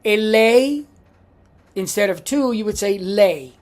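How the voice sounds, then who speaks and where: Slow, patient woman teaching a language. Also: medium pitch, expressive, darkish tone. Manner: patient, repeats examples slowly. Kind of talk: classroom lecture.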